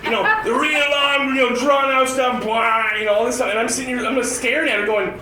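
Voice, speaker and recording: High-voiced man doing stand-up in a bar. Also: steady tone, fairly quick, far from the mic. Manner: rambling storytelling with frequent restarts. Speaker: stand-up comedian. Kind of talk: stand-up comedy set. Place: bar open mic stage, indoors. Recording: echoey room, voice off-mic, noisy.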